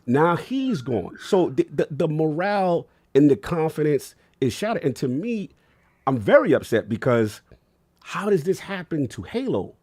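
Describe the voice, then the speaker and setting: A man's voice: on the high side, sing-song, measured pace, a little mellow, slightly rough. A man, talking emotionally and in slang as a podcast co-host. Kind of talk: casual podcast chat.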